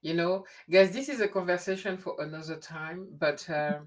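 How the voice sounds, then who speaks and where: Woman host, slightly low voice, animated storyteller who restarts often. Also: moderate pace. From grew up in France. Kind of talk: casual conversation. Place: lives in the UK.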